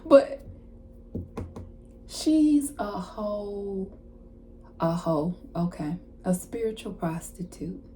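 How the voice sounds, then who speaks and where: A woman card reader giving a casual channeled message, retelling a story in an animated way with slang and asides. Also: medium pitch, very slow, pauses often, slight background noise.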